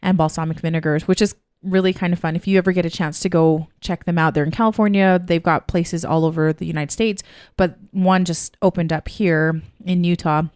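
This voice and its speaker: On a casual podcast, a female co-host spins chatty stories and acts out others' words. She talks fairly fast with few pauses in a low, steady, darkish, clean voice, and the studio recording is dry.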